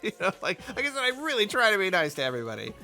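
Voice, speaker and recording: A man's voice: high-pitched, huge pitch swings, very fast, pushed and bright, faint music behind. A man telling a rambling, chatty story in casual commentary while he plays a game. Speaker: gaming video host.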